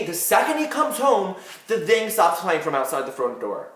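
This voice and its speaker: A teenage boy vlogger telling a story to camera in a dramatic, excitable way, swearing casually and often asking "right?". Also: sits high, brisk, echoey room.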